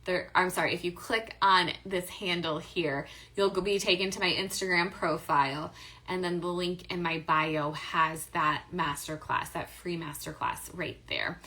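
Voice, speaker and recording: Bright-voiced chatty woman hosting a live stream. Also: lowish voice, steady tone, a little slow. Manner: chatty and upbeat, many fillers and self-corrections. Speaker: host of a live stream on affiliate marketing. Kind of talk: casual live stream chat, reading viewer questions.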